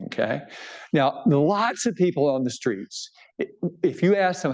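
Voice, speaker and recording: A man's voice: a little high, lively intonation, moderate pace, a little mellow. A man, a bishop, giving an informal book talk to a live audience, conversational and joking, often checking in with his listeners. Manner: self-deprecating humor.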